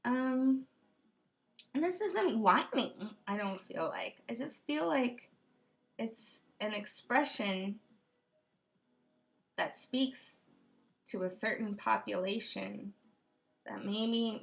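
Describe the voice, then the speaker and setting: A woman's voice: fairly high pitch, animated, takes it slowly, gravelly, pauses often. A woman vlogging from her room at home in a casual late-night monologue, rambling and self-questioning, with frequent laughs. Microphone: computer webcam.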